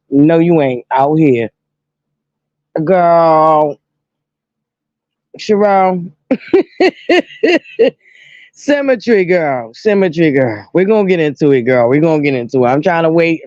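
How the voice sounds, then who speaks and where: A woman's voice: deep voice, mellow, no room sound, dull audio. A woman hosting a casual live stream, drawling and exclamatory, greeting viewers by name. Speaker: host.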